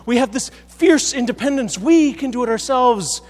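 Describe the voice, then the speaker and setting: A man's voice: extremely high pitch, animated, moderate pace, darkish tone. An American man preaching a sermon in a large hall, conversational and self-deprecating, with frequent restarts. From United States. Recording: echoey hall.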